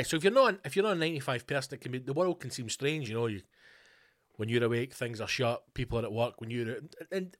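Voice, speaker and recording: A Scottish man hosting his own podcast, talking alone in a rambling, sweary, animated way. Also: medium pitch. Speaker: podcast host. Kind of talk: casual monologue.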